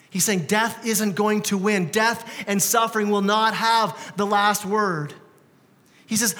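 A man's voice: high-pitched, measured pace, a bit bright. A man preaching a sermon as pastor, conversational and emphatic, often repeating words. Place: church. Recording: reverberant church hall.

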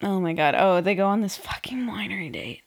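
A woman's voice: mid-range voice, animated, fairly quick. A young woman hosting a casual podcast, sarcastically recapping a reality show with frequent swearing and laughter. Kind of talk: casual chat.

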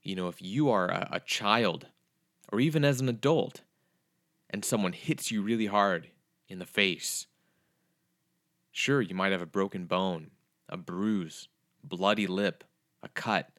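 A man with a somewhat low voice teaches scripture in podcast form. He talks earnestly, driving points home with repeated phrases. The sound is dry, with little room around it. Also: a little slow, pauses often, fairly bright tone, dry recording. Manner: earnest, repetitive emphatic phrasing.

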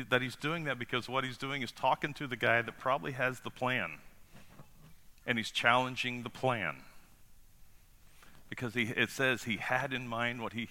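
A male pastor preaching a sermon in a casual, conversational way, often putting rhetorical questions to the congregation. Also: mid-range voice. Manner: casual and animated, asks the congregation rhetorical questions, acts out quotes.

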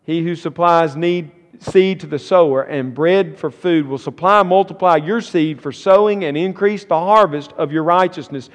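A pastor in a church sanctuary reads scripture, then builds emphasis as he explains it in his sermon. His voice is on the high side, moving at normal speed with few pauses. Long church-hall reverb fills the recording.

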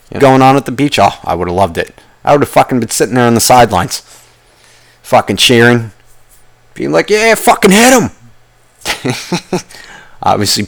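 A man's voice: lowish voice, vocal fry. A young man hosting a podcast, telling a long story in a casual, rambling way and swearing constantly. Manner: rambling with restarts and asides. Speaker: podcast host.

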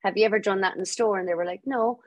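A woman's voice: mid-range voice, quick pace, dry recording. Chatty Irish woman telling a story. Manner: lively, laughing storyteller acting out quoted voices. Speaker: guest author. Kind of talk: storytelling interview.

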